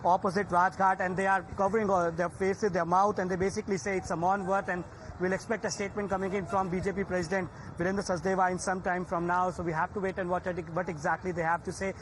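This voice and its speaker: A man with an Indian English accent reporting live from an outdoor protest site, rushing along with many fillers. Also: high-pitched, little pitch movement. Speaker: field reporter. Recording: live outdoor broadcast with crowd noise. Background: crowd.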